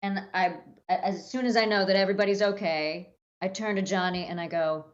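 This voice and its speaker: A woman's voice: mid-range voice, fairly even intonation, brisk, hardly any pauses, lo-fi sound. Woman playing a tabletop game. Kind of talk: casual game chat.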